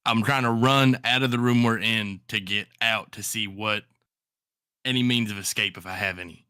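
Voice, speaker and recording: Halting man in his thirties, dry sound. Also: fairly low pitch, steady tone, bright, forceful tone, smooth, no room sound. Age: 30s. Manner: halting, flustered in-character replies. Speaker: player. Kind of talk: tabletop game play.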